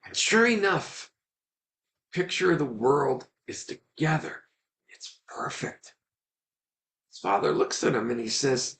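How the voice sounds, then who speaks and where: Man, teacher, webinar talk, animated storytelling, earnest, gravelly, mid-pitched. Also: slow pace, long pauses. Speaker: Ayurvedic teacher.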